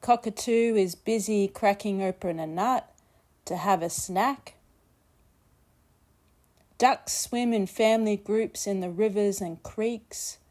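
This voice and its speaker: A woman, a children's book author, reading her children's story aloud in a slow, gentle storybook manner. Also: medium pitch. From Australia.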